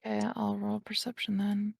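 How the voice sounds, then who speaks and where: A woman's voice: medium pitch, monotone, normal speed, gravelly, darkish tone, slightly rough, no room sound, studio quality. A woman playing a tabletop game, insistently arguing rulings with the game master. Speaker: player. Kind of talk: casual tabletop game chat.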